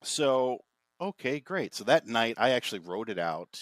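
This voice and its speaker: A man's voice: mid-range voice, very animated, normal speed, no room sound. A man as a podcast guest, telling a personal story in a reflective, rambling way with many restarts, over a video call. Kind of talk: casual conversational storytelling.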